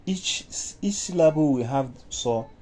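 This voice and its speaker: Nigerian guy teaching solfa step by step, super dark voice, slow. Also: fairly high pitch, expressive. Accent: Nigerian English. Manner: explains step by step, sings solfa syllables. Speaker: music teacher. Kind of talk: informal music lesson with sung examples.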